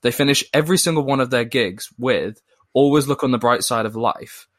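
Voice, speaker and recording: A man in a casual conversation, speaking in a thoughtful, measured way with hedging fillers. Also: medium pitch.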